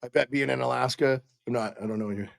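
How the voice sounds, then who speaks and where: A middle-aged man from Montana doing excitable live play-by-play for a fan stream at home, chatting with viewers between calls. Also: mid-range voice, quick pace, creaky.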